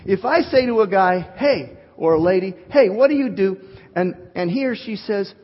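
A male pastor preaching an animated sermon, joking with his congregation. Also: high-pitched, moderate pace. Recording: dull recording in a reverberant hall.

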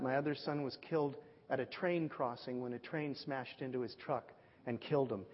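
A man preaching a sermon, telling a story in a lively way and acting out the voices of the people he quotes. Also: medium pitch, breathy edge. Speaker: pastor. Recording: dull lo-fi audio with long hall reverb.

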